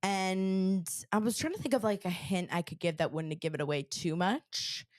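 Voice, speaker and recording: A podcast co-host from Connecticut, still sick and recovering, chats casually in a fairly low, slightly mellow voice at a moderate pace. She rambles with lots of fillers, and the studio-quality recording has no echo.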